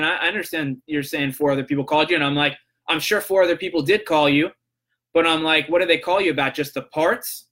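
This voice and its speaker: Young male podcast host, bright slightly high voice, animated storyteller who voices both callers. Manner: animated, acts out both sides of a phone call. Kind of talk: casual storytelling monologue.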